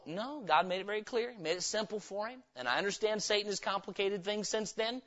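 A male pastor with a somewhat bright, high voice preaches a revival sermon in a church sanctuary, talking briskly with hardly any pauses. He's emphatic, firing rhetorical questions at the congregation, captured on a dull lo-fi recording.

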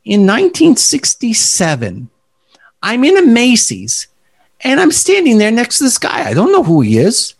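A man voicing an elderly male physiatrist in his nineties with a New York accent, telling a story slowly. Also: very high-pitched, wildly swooping pitch, gravelly, breathy edge, voice pushed up, full character voice. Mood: reminiscing. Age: 90s. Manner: slow, reminiscing storyteller.

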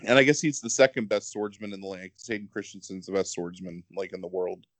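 A man co-hosting a podcast in casual chat, rambling and animated, filling with "like". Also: low voice, fast, no room sound.

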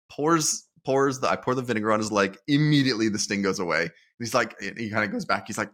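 A man co-hosting a podcast, telling a story in a relaxed, self-deprecating way. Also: mid-range voice, quick pace. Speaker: podcast co-host. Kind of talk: casual chat.

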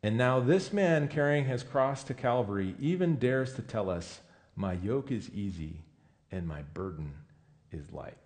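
A man's voice: medium pitch, animated, a little slow, a little mellow. A man preaching a sermon in a conversational, emphatic way, often correcting himself mid-sentence. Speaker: pastor.

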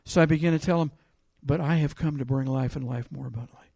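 A man preaching a sermon, reading scripture aloud with loud emphasis and telling a personal story in a quieter voice. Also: medium pitch, steady tone, normal speed, vocal fry, dry recording, clean studio sound.

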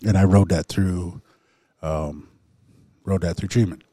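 Low-voiced man, halting testimony at a recovery meeting, lots of throat-clearing, dry close sound. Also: steady tone, mellow, no echo. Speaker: recovery group member sharing. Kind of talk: personal testimony in a recovery circle.

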